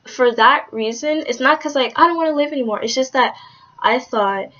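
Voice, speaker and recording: A young woman talking candidly in a personal vlog, rambling with lots of "like"s and swearing, soft-spoken with hesitant restarts. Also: sits high, moderate pace. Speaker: vlogger. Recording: dull lo-fi audio.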